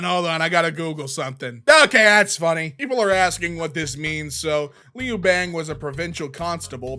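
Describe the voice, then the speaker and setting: Animated man reading posts with bright voice. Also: on the high side. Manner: animated, jokey, shouts punchlines and does quick silly voices. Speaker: host reading posts aloud. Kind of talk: comedic reading and commentary.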